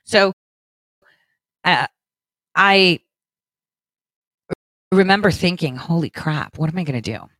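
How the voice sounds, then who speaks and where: A woman's voice: on the low side, expressive, takes it slowly, pauses often, a bit bright, dry recording. A middle-aged woman hosting her own commentary show, talking straight to viewers in a blunt, profane, emphatic monologue full of "right?" tags. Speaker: political commentary show host.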